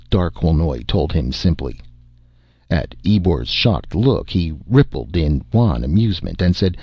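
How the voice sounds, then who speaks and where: A man reading a science fiction story aloud in a measured, expressive way. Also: very deep voice, creaky, breathy edge, dry recording, highs cut off. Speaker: narrator.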